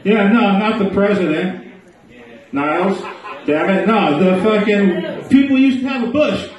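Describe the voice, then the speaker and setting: A man's voice: high voice, a little slow, distant mic. A man doing a crude live stand-up set in a small bar, riffing with the crowd. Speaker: stand-up comedian. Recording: echoey bar, mic heard from afar.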